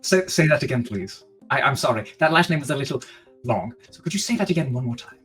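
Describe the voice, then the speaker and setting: A man voicing a young male adventurer who asks politely and hesitantly, with a husky, lively voice. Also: mid-range voice, fast talker, faint music behind. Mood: pressing.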